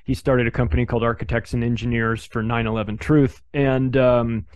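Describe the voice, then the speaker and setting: A man speaking as a podcast guest in casual, conversational storytelling, animated and acting out other people's lines as he goes. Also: mid-range voice, fairly quick, clear, resonant tone, no echo.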